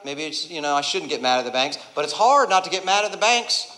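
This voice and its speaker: A man doing a stand-up comedy set, ranting and swearing and building to angry shouts. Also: a little high, big pitch swings, fast. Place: comedy club stage before a laughing audience. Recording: roomy live venue sound.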